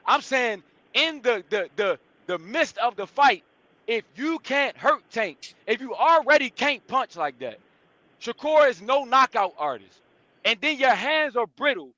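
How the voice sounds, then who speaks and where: A man's voice: extremely high pitch, bright, forceful tone, no room sound, lo-fi sound. A man making his point as a panelist in a casual debate, insistent and repetitive.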